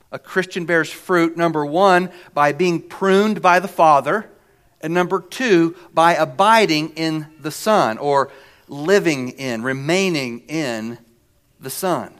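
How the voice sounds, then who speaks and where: A man preaching a sermon in a deliberate, emphatic way, often repeating a word before he carries on. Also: fairly high pitch, a bit bright, clean tone.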